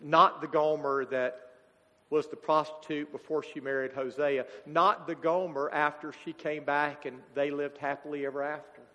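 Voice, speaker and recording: Grieving pastor in a reverberant church. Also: male voice, on the high side, level tone, bright, forceful tone. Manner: emotional, halting, grieving father. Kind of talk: sermon. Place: church sanctuary.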